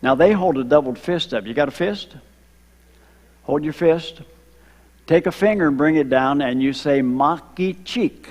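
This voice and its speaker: Older guy from ohio sharing a missionary story at church, bit high voice, long reverb in a big room. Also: a little mellow. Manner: storytelling, slows for emphasis, engages kids. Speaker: retired missionary speaker. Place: church sanctuary.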